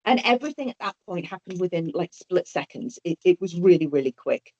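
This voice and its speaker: A woman's voice: on the low side, expressive, a little fast, a little mellow, slight background noise. A woman telling a personal story as an interview guest, hesitant and often repeating or restarting her words. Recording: dull lo-fi audio.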